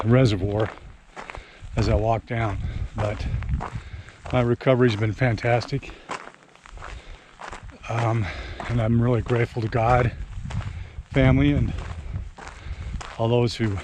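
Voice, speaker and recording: An older man vlogging casually on a morning hike, slightly out of breath and rambling with many pauses, recorded outdoors on a handheld camera. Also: medium pitch, little pitch movement. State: a little out of breath. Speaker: RV travel vlogger. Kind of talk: casual walking vlog. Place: outdoors on a mountain campground hillside. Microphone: handheld camera while walking. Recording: outdoor wind and ambient noise.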